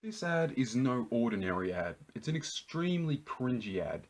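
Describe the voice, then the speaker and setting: A man's voice: mid-range voice, sing-song, normal speed. A man with an Australian accent, hosting a reaction video in an incredulous, ranting way. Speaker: YouTube host. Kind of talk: reaction rant.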